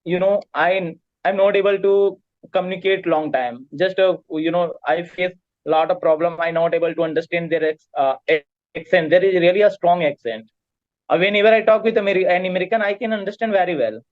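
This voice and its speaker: An English learner from India with an Indian accent, speaking haltingly with many fillers and restarts in a practice conversation. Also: male voice, sits high, fairly even intonation, no room sound, phone-quality sound.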